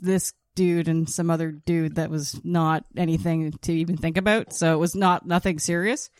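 A woman's voice: deep voice, steady tone, moderate pace, dry recording, clean studio sound. A middle-aged woman chatting casually with friends and telling a story in a laid-back way, swearing freely. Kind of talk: casual chat.

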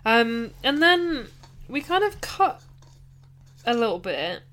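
A woman co-hosting a podcast, chatting casually about a film, animated and quick to laugh. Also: fairly high pitch. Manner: animated, laughs often, tries voices. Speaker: podcast co-host. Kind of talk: casual film-review chat.

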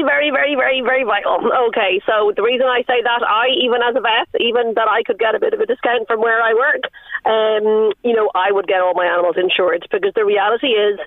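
Irish woman vet on the phone, earnest, quick delivery, thin dry line. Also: medium pitch, no room sound, phone-quality sound. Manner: earnest, rapid, lots of fillers and repeats. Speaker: veterinarian guest. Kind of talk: radio phone-in advice.

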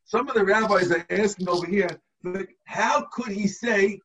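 A man's voice: sits high, moderate pace, few pauses, fairly bright tone, far from the mic, highs cut off. A man, a rabbi, teaching a text to his students over a video call, explaining step by step and checking in with the class.

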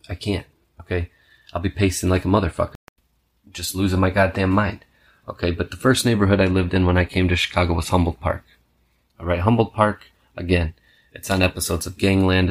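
Deep-voiced male podcast host, swearing, scattered, storyteller energy. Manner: profane, rambling, punctuates with "okay"; restless, self-described scatterbrained. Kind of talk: casual storytelling monologue.

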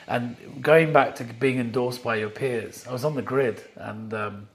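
A middle-aged man sits in his office as a podcast guest and tells his stories with real animation. He acts out the lines he quotes, and his voice sits at a middle pitch for a man. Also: fairly even intonation, unhurried. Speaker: podcast guest, watch company founder. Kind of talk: casual chat.

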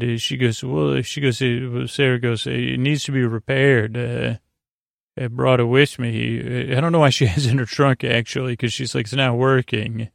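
Flat, gravelly man recapping sleepily. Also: medium pitch, no echo, clean studio sound. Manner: halting and unhurried, with many pauses and filler sounds; reads quoted lines in his own plain voice. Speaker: podcast host. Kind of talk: drowsy sleep-podcast episode recap.

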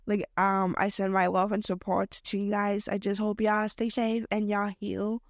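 A young woman hosting her own podcast, chatting casually in a slangy, expressive way that jumps between topics, recorded at home late at night. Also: mid-range voice, moderate pace, no room sound, studio quality. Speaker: podcast host. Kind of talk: casual solo podcast chat.

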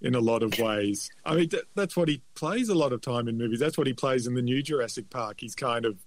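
Guy musing slowly, lots of ums, dry close mic. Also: mid-range voice, expressive, no echo. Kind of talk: casual podcast chat.

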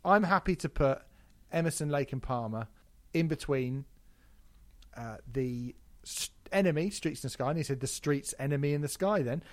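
A man's voice: on the high side, lively intonation, normal speed. A man co-hosting a casual podcast, swearing freely and mocking himself with frequent laughter. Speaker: podcast co-host.

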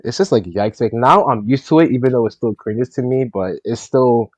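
A man's voice: mid-range voice, expressive, moderate pace, dry recording, dull audio. A man co-hosting a casual chat show, talking bluntly and jokingly. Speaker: podcast co-host.

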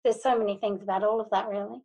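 A woman's voice: mid-range voice, steady tone, quick pace, mellow. A woman co-hosting a podcast, chatting casually in an exasperated way and laughing easily. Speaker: podcast co-host.

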